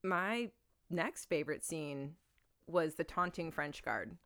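A woman co-hosting a casual film podcast, relaxed and thoughtful, with soft laughs. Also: sits low, takes it slowly. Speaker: podcast co-host.

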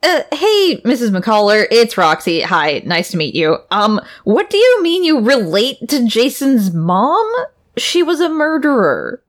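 A woman's voice: fairly high pitch, sing-song, a little slow. A woman co-hosting a comedy podcast, playful and incredulous. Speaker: podcast co-host.

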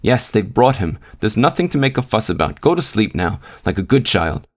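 A man voicing a tense, grieving young miner's wife who hushes her children with sharp commands. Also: lowish voice, big pitch swings, moderate pace. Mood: hushing.

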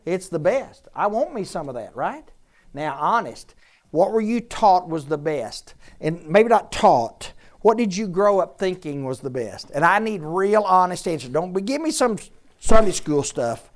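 A woman's voice: on the low side, measured pace. Woman teaching a Bible class. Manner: lively, jokey, quizzes the audience. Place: room with a group of listeners.

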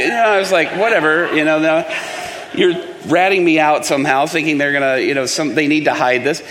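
This preacher's voice is fairly high and fairly quick, with a long reverb tail and a little hiss or hum. He animatedly tells a sermon story, performing the voices of each character.

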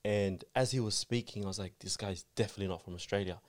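Podcast host, a man who talks fast, easygoing and chatty. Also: lowish voice. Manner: relaxed storyteller, agreeing often. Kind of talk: casual chat.

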